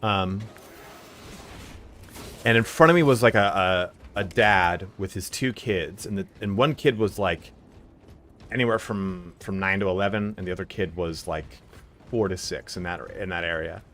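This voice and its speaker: A man live-streaming a game, chatting casually and telling stories in a loud, animated voice. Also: low-pitched, moderate pace, a little hiss or hum.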